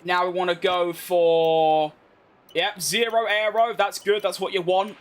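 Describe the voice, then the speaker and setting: A man's voice: sits high, little pitch movement, a little slow. A young British man chatting casually to himself and his viewers while playing a racing game, slangy and self-mocking. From Britain. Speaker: game streamer. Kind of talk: casual gameplay commentary.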